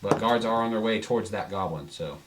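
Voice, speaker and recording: A man's voice: lowish voice, noisy background. A man running a tabletop game as game master, narrating the scene and laughing often. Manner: laughs often while narrating, quick voices for guards.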